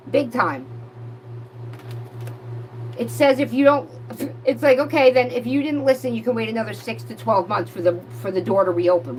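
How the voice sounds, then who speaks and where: A woman giving a live tarot reading, reading cards aloud and breaking off into excited, profane outbursts. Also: fairly high pitch, a little hiss or hum, rough recording. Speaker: tarot reader.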